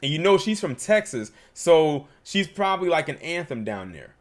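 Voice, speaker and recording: A man's voice: a little high, very animated, moderate pace. A man hosting a livestream, giving emphatic, opinionated commentary and reading super chats.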